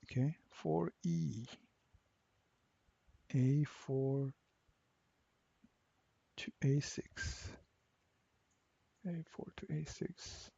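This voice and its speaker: A man walking through a software assignment step by step, repeating each instruction slowly. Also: fairly high pitch, steady tone, creaky, breathy edge, no room sound, dull audio. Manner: slow, step-by-step, repeats cell names. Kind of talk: screen-recorded software tutorial.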